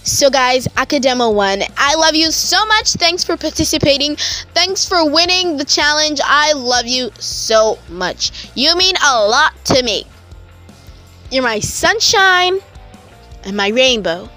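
A young woman YouTuber giving a gushing, affectionate shout-out to her viewers in a casual vlog. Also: sits high, lively intonation, measured pace, soft background music.

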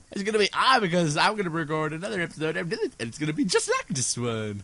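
A man's voice: a little high, very animated, brisk, creaky, hardly any pauses, bright, forceful tone. A sleep-deprived man hosting a casual gameplay commentary, rambling giddily and breaking into screams and laughs. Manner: giddy, rambling, prone to sudden screams and laughter. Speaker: gaming channel host. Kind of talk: casual let's play commentary.

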